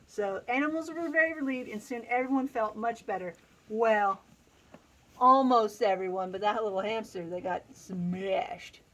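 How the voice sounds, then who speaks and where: A woman's voice: mid-range voice, normal speed, a bit bright, low-quality recording. A woman hosting a casual picture-book read-aloud outdoors on a farm, laughing often and making playful asides to her animals.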